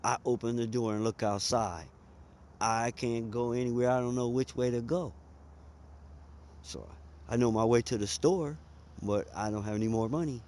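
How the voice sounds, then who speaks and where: A man's voice: mid-range voice, fairly even intonation, moderate pace, darkish tone. A man, telling a personal story in a conversational, emphatic way. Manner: conversational, emphatic, drawls and speeds up.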